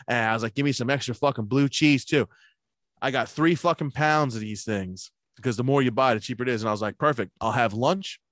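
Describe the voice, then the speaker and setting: A man's voice: mid-range voice, brisk, a bit bright, no room sound, clean studio sound. A man in casual chat, telling long profane stories about his workday and acting out what everyone said, laughing along. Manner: acts out both sides of remembered conversations.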